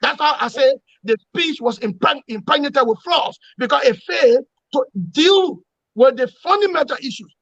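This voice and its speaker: A man giving forceful political analysis in an interview, emphatic and repetitive, lecturing his points. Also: very high-pitched, normal speed, no echo, lo-fi sound. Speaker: opposition commentator.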